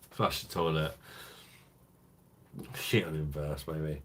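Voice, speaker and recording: A man's voice: a bass voice, fairly even intonation, takes it slowly, long pauses, a bit bright, husky. A man hosting a live stream, chatting casually with crude jokes and frequent laughter. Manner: laughing, crude banter with chat.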